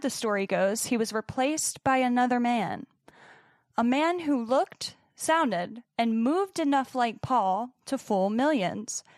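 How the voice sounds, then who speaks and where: A young woman with a fairly high voice narrates a podcast story in a partly scripted way, building drama with pauses and the odd casual swear. The sound is close and dry, with no room around it. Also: no room sound. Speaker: podcast co-host.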